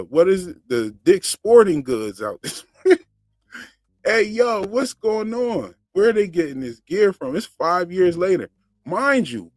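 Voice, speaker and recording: A man's voice: a little high, no room sound, studio quality. A man hosting a casual commentary channel, joking in slang and laughing often. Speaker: channel host reacting to a TV show.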